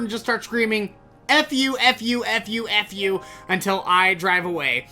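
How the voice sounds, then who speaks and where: A man hosting a podcast, telling a story in an animated, exasperated way and swearing freely. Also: extremely high pitch. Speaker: podcast host. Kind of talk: casual storytelling monologue.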